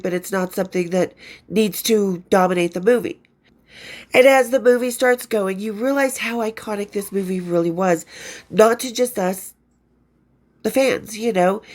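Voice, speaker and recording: A woman's voice: medium pitch, a little mellow. A woman hosting a podcast, chatting casually and enthusiastically about a film sequel, rambling and swearing now and then, a bit stuffy from allergies. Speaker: podcast host. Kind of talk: casual film review chat.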